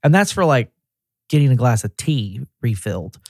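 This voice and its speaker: Lively man telling stories. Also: medium pitch, normal speed, no room sound, studio quality. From Tennessee. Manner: lively storyteller who acts out quoted people. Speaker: regional director, guest. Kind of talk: casual interview chat.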